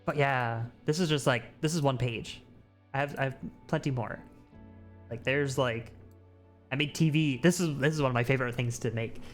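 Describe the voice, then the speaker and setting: A streamer and artist in a casual, rambling livestream chat, often jumping into animated mock quotes. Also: medium pitch, moderate pace, faint music behind.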